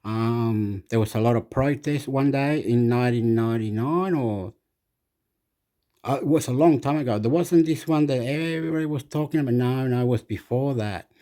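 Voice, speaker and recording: Rambling Chilean man with a mellow voice. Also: medium pitch. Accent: Chilean Spanish. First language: Spanish. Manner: rambling, halting, hesitant with many fillers. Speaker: channel host. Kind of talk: rambling casual monologue.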